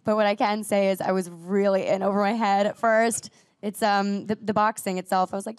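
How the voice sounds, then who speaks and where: This mid-range voice is level, darkish, clear and resonant, recorded dry at studio quality. It belongs to a young actress chatting as a guest in a casual interview, bubbly, full of "like" and quick restarts, and still coughing from a recent illness.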